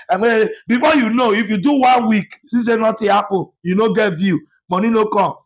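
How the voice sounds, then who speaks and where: A Nigerian man, a pastor, delivering a fiery rebuke to camera, shouting and repeating himself as he mixes Pidgin with English. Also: high-pitched, a little fast, muffled recording.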